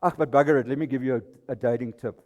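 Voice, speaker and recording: A South African man in his sixties talks very fast at medium pitch, with fairly even intonation and a slightly mellow tone. He's on stage at a live presentation night giving a self-deprecating comic talk, recorded in a reverberant hall.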